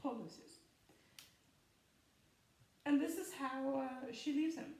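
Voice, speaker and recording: A woman's voice: high-pitched, slow pace, a little mellow, recorded from a distance. A woman in casual spoken commentary who rambles with lots of fillers and laughs often. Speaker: film commentary vlogger. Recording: echoey room, voice off-mic.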